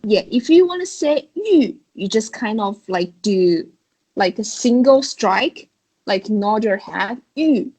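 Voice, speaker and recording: A woman's voice: medium pitch, lively intonation, unhurried, a little mellow, poor audio. A woman teaching Chinese tones online, patiently demonstrating and explaining how each tone moves. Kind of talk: online tone lesson. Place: recorded video call.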